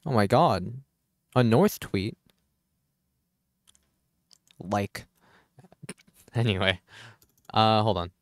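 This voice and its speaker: A man's voice: lowish voice, lively intonation, drawn-out words, long pauses, dry recording, clean studio sound. A man live streaming a game in casual chat, distracted and muttering hold on as he fixes settings, swearing casually and talking back to chat. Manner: distracted, keeps saying hold on while fiddling with settings.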